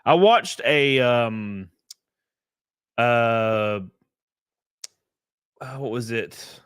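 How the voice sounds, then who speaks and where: A young man with a drawl talks live to his viewers, blunt and often profane, wandering between thoughts with plenty of ums. His voice sits at an ordinary middle pitch. The sound is dry and close, with no room around it. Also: very slow, a bit bright, clear, resonant tone, no room sound. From American South. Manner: blunt, profane, rambling with many fillers. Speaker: streamer. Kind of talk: casual live-stream chat reading comments.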